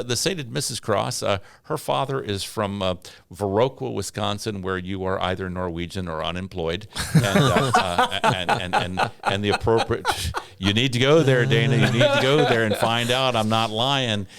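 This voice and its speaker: Deep gravelly older man, rambling. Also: a bit bright, a little hiss or hum. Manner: rambling, many repeated words and fillers, chuckling asides. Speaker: retiring pastor, podcast guest. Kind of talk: casual reminiscing chat.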